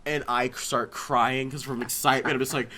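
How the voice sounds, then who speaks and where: A man hosting a casual podcast chat, excitable and often acting out scenes in voices. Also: medium pitch, moderate pace. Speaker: podcast host.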